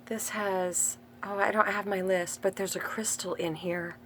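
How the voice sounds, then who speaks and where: A woman's voice: mid-range voice, fairly even intonation, unhurried, fairly bright tone. Woman spiritual teacher rambling thru her thoughts, medium voice, loses her place, gets emotional, little bit of faint noise behind. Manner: meandering, self-interrupting, emotional. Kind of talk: casual spiritual monologue.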